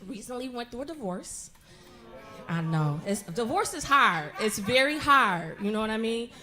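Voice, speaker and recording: A middle-aged woman performing a profane stand-up comedy set, telling stories loudly and animatedly. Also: fairly high pitch, normal speed. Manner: profane, loud, animated storytelling with frequent laughs. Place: comedy club stage with live audience.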